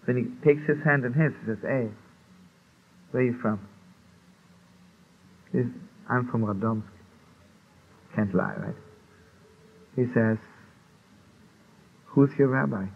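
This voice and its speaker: Man, animated storyteller voicing the characters, old tinny recording with hiss. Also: mid-range voice. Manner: animated storyteller, acts out dialogue, laughs often. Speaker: rabbi telling a Hasidic story. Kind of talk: storytelling talk.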